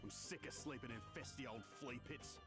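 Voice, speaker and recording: An actor playing a brash, sentimental treasure hunter with an Australian accent, boastful and full of slang, with game music behind him. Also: male voice, medium pitch, a little fast, lightly acted. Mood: cocky. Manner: boastful, cheery slang-filled talk.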